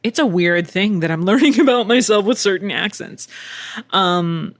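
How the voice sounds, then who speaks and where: A woman's voice: mid-range voice, expressive, normal speed, no echo. A middle-aged woman hosting a casual solo podcast, chatty and candid, swearing freely with wry asides. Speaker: podcast host and voice actor.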